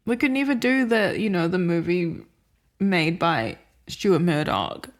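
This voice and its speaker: A woman's voice: on the low side, expressive, measured pace. A woman co-hosting a podcast, chatting loosely about films she saw, rambling with lots of filler words and frequent laughs. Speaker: podcast co-host. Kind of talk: casual chat reviewing films.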